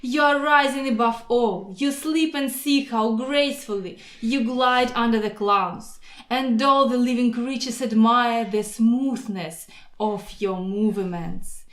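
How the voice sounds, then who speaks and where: Lady putting on a bragging mosquito guy, kinda high, slow and pushy, roomy echo. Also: fairly bright tone. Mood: boastful. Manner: grandiose, persuasive, preachy. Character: boastful proud male mosquito, pushy salesman. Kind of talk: storybook voice acting.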